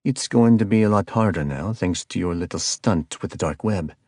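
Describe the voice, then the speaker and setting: A man's voice: low voice, moderate pace, no room sound, studio quality. A man doing an icy, mocking villain. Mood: icy menacing. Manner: cold, mocking, calm. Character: calm icy male kidnapper villain. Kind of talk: audiobook character voice.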